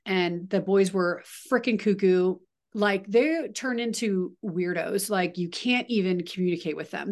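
A woman in her thirties leading a team video call, chatty and upbeat with frequent asides and coaching pep. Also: mid-range voice.

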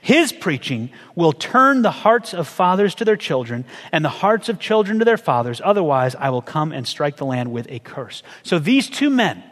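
A man's voice: a little high, long reverb tail. A man preaching a sermon in a conversational style, asking the congregation questions as he goes through scripture. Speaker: pastor.

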